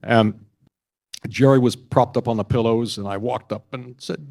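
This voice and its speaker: An older man giving an award acceptance speech, telling stories in a measured, anecdotal way. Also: mid-range voice, steady tone, vocal fry, darkish tone. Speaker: award honoree. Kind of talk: after-dinner speech.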